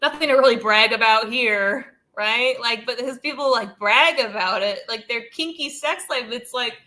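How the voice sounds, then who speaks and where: Woman host, casual rambling commentary, bright higher voice, amused asides. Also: normal speed. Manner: rambling, heavy use of "like" and "dude"; amused, laughs between thoughts. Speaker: channel host.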